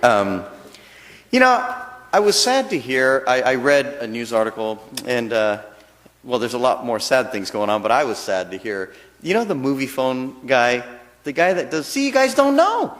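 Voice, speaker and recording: Man minister, casual joking dharma talk, lively pitch, echoing temple hall. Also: normal speed. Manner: chatty and joking. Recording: long reverb of a temple hall.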